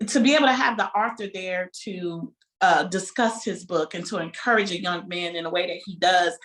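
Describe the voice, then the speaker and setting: A woman, a bookstore owner talking warmly and with feeling about her store and community. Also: mid-range voice. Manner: animated, heartfelt storytelling. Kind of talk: casual interview talk.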